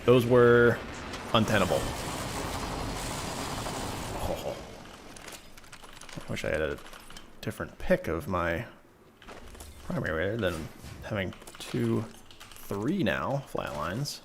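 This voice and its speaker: A man's voice: on the low side, slow pace, creaky, long pauses, slight background noise. Wry, chatty streamer man. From Canada. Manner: relaxed, chatty, wry, often laughing. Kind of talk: casual gameplay commentary.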